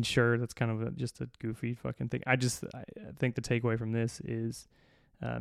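A man's voice: mid-range voice, creaky, darkish tone, dry recording, clean studio sound. A man hosting a solo comedy podcast, reading out a list of odd laws with sarcastic, profane, exasperated asides. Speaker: podcast host.

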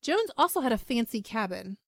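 A woman's voice: a little high, a little fast, no room sound. Chatty woman host, dry close sound. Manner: chatty, animated retelling with asides and filler ums. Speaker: podcast host. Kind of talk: casual storytelling chat.

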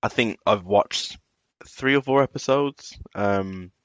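Podcast co-host, light Birmingham accent, chatty and easygoing, lowish voice, dry sound. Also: male voice, slow, fairly bright tone, no room sound, muffled recording. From Birmingham, England. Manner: chatty, laughs easily, restarts sentences. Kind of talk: casual chat.

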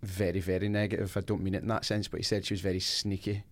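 A man hosting a podcast, asking curious, prompting questions in a relaxed conversation. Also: deep voice, fast talker. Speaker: podcast host. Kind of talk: conversational interviewing.

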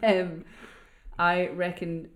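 A young Scottish woman co-hosting a podcast, talking quickly and playfully in casual chat. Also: on the low side, flat delivery. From Scotland. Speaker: podcast co-host.

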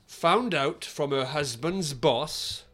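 Animated man telling a story. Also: fairly high pitch. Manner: playful, doing quick put-on regional accents, laughing often. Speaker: comedy podcast host. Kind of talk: casual comic chat, reading a news story aloud.

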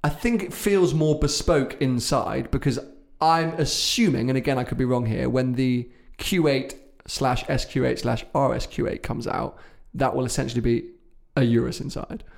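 A man's voice: mid-range voice, moderate pace, vocal fry, hardly any pauses. A man co-hosting a podcast, trading opinionated, teasing remarks about cars. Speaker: podcast co-host. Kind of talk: casual car chat.

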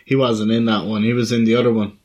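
A man's voice: fairly low pitch, level tone, fast, darkish tone, rough recording. A man co-hosting a casual podcast chat, laughing often and swearing as he tells anecdotes. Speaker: podcast co-host.

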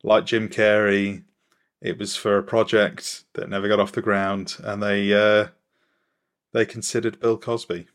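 Low-voiced man, teasing quizmaster. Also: little pitch movement, a little slow. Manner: teasing quizmaster, dry and playful. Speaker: podcast guest running a quiz. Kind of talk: casual podcast chat.

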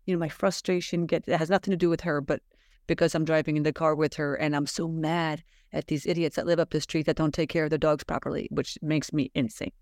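A woman's voice: low voice, fairly even intonation, quick pace, darkish tone, no echo, studio quality. A middle-aged woman hosting a heartfelt podcast conversation, speaking earnestly and emphatically with spiritual encouragement. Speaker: podcast host.

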